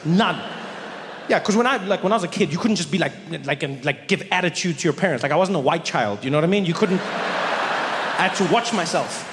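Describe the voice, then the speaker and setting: Stand-up comedian, man, high-set voice, in a large reverberant hall with faint noise. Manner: animated storyteller.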